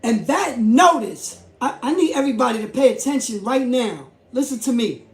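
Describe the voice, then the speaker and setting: A man with a high, gravelly voice delivers a heated commentary vlog. He hammers his points by repeating himself and raising his voice. The sound is roomy and echoing. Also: animated, normal speed. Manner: emphatic, repetitive, rising to shouts. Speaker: YouTube host. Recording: echoey room.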